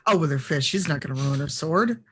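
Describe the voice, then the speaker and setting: A man's voice: a little high, lively intonation, a little fast, sharp tone, a little hiss or hum. A man playing in a tabletop game, describing his character's actions in a casual, rambling way. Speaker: player.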